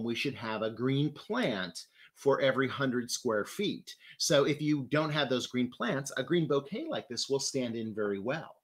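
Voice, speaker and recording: An enthusiastic man talks through a flower arrangement in an easygoing demonstration. His voice is lively and animated, rising and falling as he explains each step. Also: mid-range voice. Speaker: floral designer host. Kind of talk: casual how-to demonstration.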